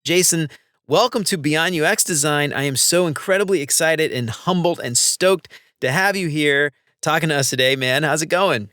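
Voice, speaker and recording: A man's voice: fairly high pitch, moderate pace, bright, forceful tone, dry recording, studio quality. A man hosting a casual podcast interview, talking enthusiastically and gushing about his guest. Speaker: podcast host.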